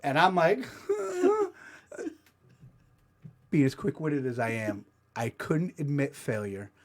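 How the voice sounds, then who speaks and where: A man's voice: fairly high pitch, sing-song, slow pace. Profane self-mocking male podcast host. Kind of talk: comedic storytelling.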